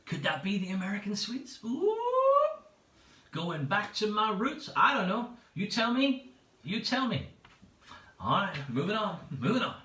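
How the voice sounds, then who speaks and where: A bright-voiced man hosts a home pub quiz, chatty and playful as he repeats each option. His pitch swings widely. He sits back from the mic in an echoey room. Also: big pitch swings, moderate pace, recorded from a distance. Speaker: quiz host. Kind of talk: livestream pub quiz hosting.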